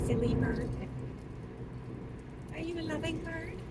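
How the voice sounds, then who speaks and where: A woman's voice: a little high, sing-song, normal speed. A woman talking baby talk to her pet bird inside a car, sing-song, coaxing and playful. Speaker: bird owner. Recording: noisy car interior, distant mic. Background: car engine and heater noise.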